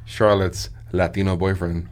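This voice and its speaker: A man's voice: deep voice, level tone, a little slow, a little mellow. A man in his thirties co-hosting a casual wrestling chat, joking and teasing. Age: 30s. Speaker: podcast co-host.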